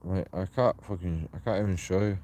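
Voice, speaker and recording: An angry, profane man ranting and taunting people, recorded outdoors on a dark path at night. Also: deep voice, fairly quick, slight background noise. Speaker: street auditor filming himself. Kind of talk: confrontational vlog rant.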